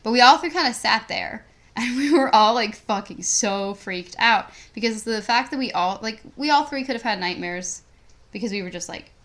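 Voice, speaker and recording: Her voice is a little high and a bit bright, with lively intonation and a moderate pace. She's a teenage podcast co-host casually rambling through a story, dropping "like" into nearly every phrase.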